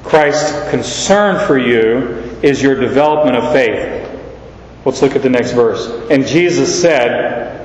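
A male pastor giving an expository sermon, teaching slowly and deliberately and repeating key quotes for emphasis. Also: medium pitch. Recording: echoey hall, dull lo-fi sound.

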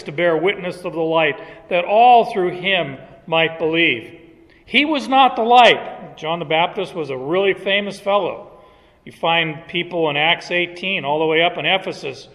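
A man preaching a verse-by-verse sermon at a deliberate, unhurried pace, his voice sitting a little higher than most men's. He leans hard on key words to drive each point home, and his voice trails off into a long reverb, as in a church hall. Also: fairly bright tone. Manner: slow, emphatic, teaching tone with verse references. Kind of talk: expository sermon.

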